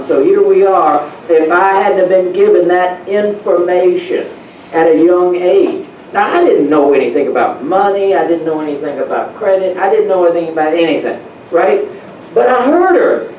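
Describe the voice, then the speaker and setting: A man giving a motivational real estate talk to an audience, telling animated stories from his own life. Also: high voice, moderate pace, lo-fi sound. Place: meeting room. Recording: roomy, distant, faint room noise.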